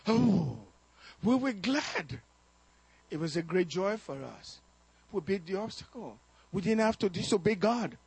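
Man preaching, pretty high voice, tells stories w little acted-out quotes, dry sound. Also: animated, unhurried, creaky, pauses often, darkish tone, breathy edge, no echo. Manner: storytelling with acted quotes and laughs. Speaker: pastor. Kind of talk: sermon.

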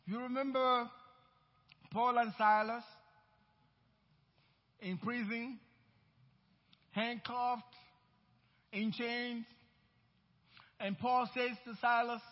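A man with a very high voice preaches at a slow, deliberate pace. He is an emphatic pastor who repeats his phrases and stretches out key words. The recording is dull and carries the long echo of a large church hall. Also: level tone. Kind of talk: sermon.

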